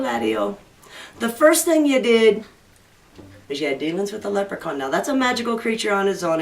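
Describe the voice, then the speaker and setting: A woman's voice: a little high, a bit bright. Woman voicing scolding folksy Saint Peter. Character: stern old male gatekeeper saint. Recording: roomy distant recording, faint music.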